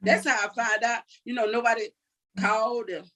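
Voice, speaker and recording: An older woman speaks with a fairly high voice. She recounts events earnestly and vividly, acting out what others said. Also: steady tone, normal speed, fairly bright tone, rough recording. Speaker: interview guest. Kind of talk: emotional personal account.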